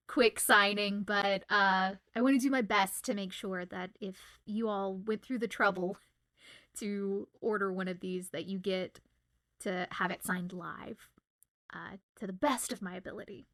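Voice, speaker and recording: A woman from Southwest Louisiana chatting casually on a livestream while signing autographs, giggling often and filling pauses with "um" and "uh.". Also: medium pitch, steady tone, a bit bright. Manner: chatty and giggly, with many fillers. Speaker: voice actor signing autographs on stream.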